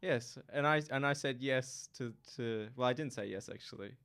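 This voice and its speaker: A young man, a student guest in a casual chat, talking in a halting, playful way and repeating words. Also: medium pitch, vocal fry, fairly bright tone, clear, resonant tone. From Australia.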